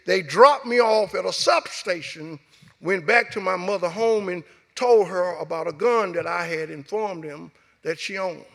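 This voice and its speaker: A man's voice: sits high, vocal fry, sharp tone. A middle-aged man from Alabama with a Southern US accent, telling a personal story as a guest speaker and acting out the dialogue. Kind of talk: storytelling speech. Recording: echoey hall.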